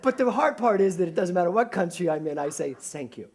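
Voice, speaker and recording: A middle-aged man, a minister, giving a conversational sermon to a congregation, animated and joking at his own expense. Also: high-pitched, fast. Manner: animated, jokey, self-mocking. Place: church service before a congregation.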